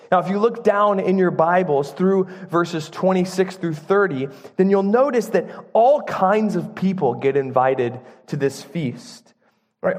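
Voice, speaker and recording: A man preaching a sermon in church, earnest and emphatic, using dramatic pauses. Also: fairly high pitch. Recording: long church reverb.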